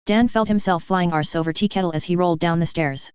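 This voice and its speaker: A narrator reading action fiction aloud in a steady, even storytelling manner, on a slightly dull recording. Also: medium pitch, quick pace, smooth, no echo.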